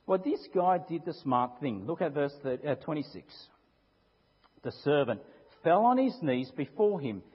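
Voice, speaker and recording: A man with a slightly high, husky voice preaches a sermon, telling a story with lively swings of pitch and frequent rhetorical questions. The recording is dull and lo-fi, and his voice carries a long echo through a church hall. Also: moderate pace. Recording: echoey hall, dull lo-fi sound.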